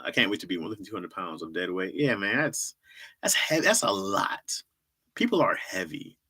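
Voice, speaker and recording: A middle-aged man hosts a loose livestream chat, rambling through his thoughts and circling back to the same lines. His voice is bright and sharp, with a lively pitch that bounces around as he talks. He laughs easily and answers chat comments as they come in. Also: slightly rough. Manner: rambling, repeats himself, laughs often, reacts to chat. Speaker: livestream host. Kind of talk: casual stand-up style chat.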